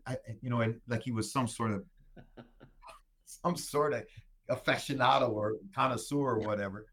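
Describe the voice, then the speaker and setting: A man hosting a casual show, telling stories in an animated way and tagging his lines with "right?". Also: medium pitch, moderate pace, long pauses. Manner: animated storyteller who tags lines with "right?". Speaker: show host answering listener questions. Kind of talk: casual storytelling chat.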